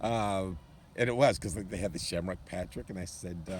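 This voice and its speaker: With a deep voice and a slightly fast pace, a male guest recounts a long, comic story about a previous gig. His casual telling is animated and full of laughter and jokes, with a little background noise present.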